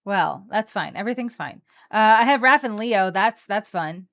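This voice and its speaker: A woman's voice: medium pitch, expressive, normal speed, a bit bright. A woman co-hosting a card game stream, chatting playfully and reading card text aloud. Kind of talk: casual chat opening card packs.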